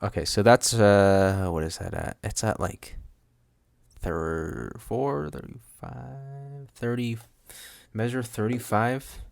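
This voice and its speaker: A man's voice: fairly low pitch, fairly even intonation, slow, gravelly, smooth, no echo, studio quality. A man hosting a solo podcast at a home desk mic, rambling with goofy asides and frequent laughs. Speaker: podcast host. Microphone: studio microphone.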